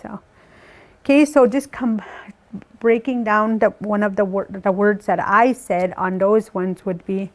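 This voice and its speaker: Woman, Saskatchewan Cree accent, patient language teacher, slow and careful delivery. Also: medium pitch, steady tone. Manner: slow and careful, breaks words into syllables. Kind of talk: recorded language lesson.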